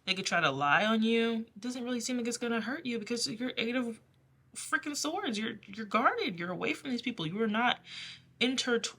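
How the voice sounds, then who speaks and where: A woman giving a casual tarot reading who talks in a rambling, chatty way, laughing often and filling pauses with "like". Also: a little high, expressive, pushed and bright, slight background noise. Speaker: tarot reader. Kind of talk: casual pick-a-card reading.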